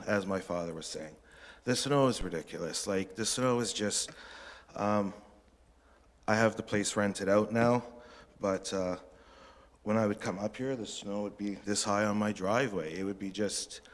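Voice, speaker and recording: Blunt, rambling man in a reverberant chamber. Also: fairly low pitch. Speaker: resident speaking to council. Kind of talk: public comment at a council meeting. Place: council chamber. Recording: long reverb of a council chamber.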